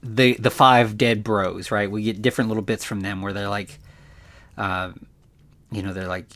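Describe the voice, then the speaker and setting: A man's voice: fairly low pitch, steady tone, moderate pace, a bit bright. A man hosting a podcast, recapping a movie casually with lots of fillers and restarts. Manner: rambling, many fillers. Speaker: podcast host.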